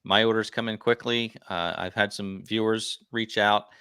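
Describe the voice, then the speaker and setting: A man's voice: on the low side, steady tone, normal speed, sharp tone, clear, resonant tone, dry recording, clean studio sound. A man hosting a gardening livestream, chatty and friendly, announcing giveaways and asking questions. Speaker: livestream host.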